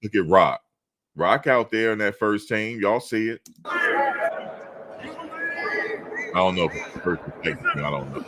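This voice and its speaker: A deep-voiced man giving casual commentary while reacting to football practice footage. He gets excited, laughs often and repeats his phrases. Field crowd noise runs behind him. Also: measured pace, pauses often.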